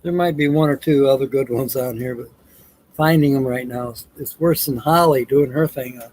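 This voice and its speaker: A man's voice: medium pitch, normal speed, a little mellow, dry recording, poor audio. A tired man hosting a casual livestream, telling jokes and reading viewer comments aloud with frequent chuckles. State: tired, yawning. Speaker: livestream host.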